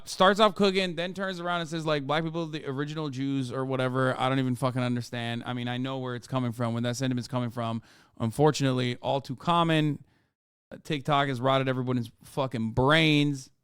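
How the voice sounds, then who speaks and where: Dry, clear man ranting with profanity. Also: mid-range voice, fairly bright tone, no room sound. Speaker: streamer reacting to videos. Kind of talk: casual livestream reaction commentary.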